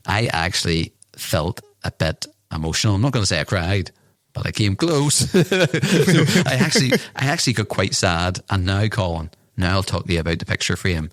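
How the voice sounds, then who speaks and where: A low-voiced man co-hosts a casual podcast. He spins his story in an animated way, teasing his co-host as he goes. His voice sits dry and close on the mic. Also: normal speed, no echo. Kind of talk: casual chat.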